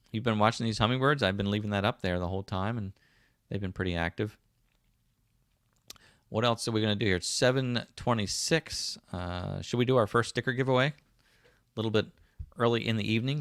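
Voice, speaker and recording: Fifties male host, South Jersey accent, low gravelly voice, dry close sound, chatty and rambling. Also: fairly bright tone, no room sound. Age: 50s. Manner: rambling, chatty, with frequent ums and restarts. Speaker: livestream host. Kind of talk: casual livestream chat reading comments.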